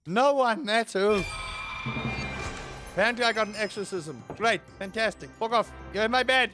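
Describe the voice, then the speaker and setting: A young man giving let's play commentary, excitable, yelling and swearing at enemies as he plays. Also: high voice, moderate pace, over music. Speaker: gaming channel host.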